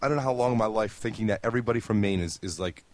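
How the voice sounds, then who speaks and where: A man's voice: fairly low pitch, very fast. A man co-hosting a casual podcast chat, talking bluntly and profanely and laughing often. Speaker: podcast co-host.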